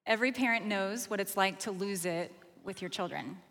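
A woman in her forties, a mother of teenagers, explaining parenting ideas in a measured, earnest way. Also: mid-range voice, vocal fry, a bit bright, big-room sound. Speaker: podcast co-host, mother. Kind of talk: calm reflective explanation.

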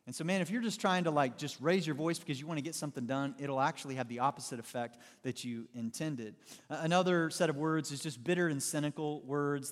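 A man delivers a sermon in a large church hall, his voice a touch higher than most men's and trailing off into a long reverb. He tells stories with animation and tosses playful asides to the congregation. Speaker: pastor.

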